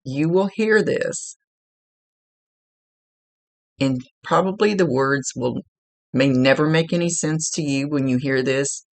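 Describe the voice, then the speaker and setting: A woman's voice: a bass voice, takes it slowly, creaky, long pauses, dry recording. A woman working as a psychic medium, giving a spirit reading to a client in a rambling way, searching for words and restarting her sentences.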